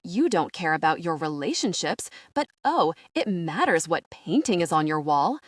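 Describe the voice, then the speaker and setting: A woman's voice: fairly low pitch, very animated, moderate pace, no echo, studio quality. A woman voicing a furious young woman art thief who gasps and sounds bitter. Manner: bitter, gasping.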